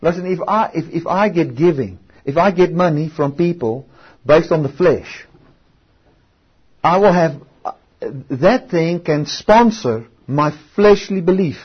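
A man's voice: fairly high pitch, expressive, husky, highs cut off. A man preaching a sermon, stretching out key words for emphasis and often restarting his sentences. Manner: emphatic, drawn-out stresses, frequent restarts.

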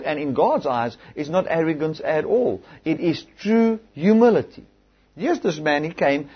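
A man preaches a sermon in a husky, slightly high voice. He swings between loud, emphatic exhortation and calm, quiet scripture reading. The recording sounds dull and lo-fi.

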